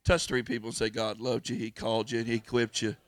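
A male pastor preaching a fervent sermon, swinging between shouted calls and hushed pleas, with folksy stories. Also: mid-range voice, level tone, quick pace, dry recording, clean studio sound. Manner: folksy storytelling with laughs.

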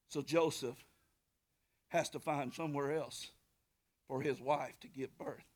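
Man, pastor, high voice, animated sermon, shouts and whispers. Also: a little slow, long pauses. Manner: animated storytelling, swings from shouting to whispers, calls to the congregation.

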